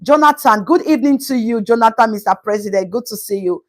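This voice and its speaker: Hosting a casual live stream, a woman comments on a news story in a fairly high, fast voice. She's animated, calls out viewers by name, and tosses in Pidgin asides.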